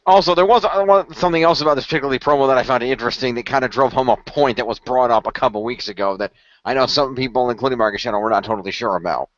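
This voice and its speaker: A man's voice: medium pitch, fairly bright tone, dry recording. A man guest on a casual podcast chat, often restarting his sentences as he talks. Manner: stammering restarts, quick talker. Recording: dull, dry lo-fi podcast audio.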